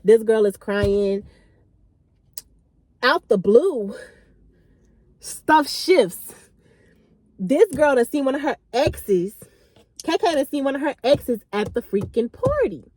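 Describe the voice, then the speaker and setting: A woman in her late twenties, a vlogger, telling a story in a chatty, animated, slangy way. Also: a little high, slow pace, pauses often, no echo, clean studio sound. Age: late 20s. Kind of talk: casual storytime.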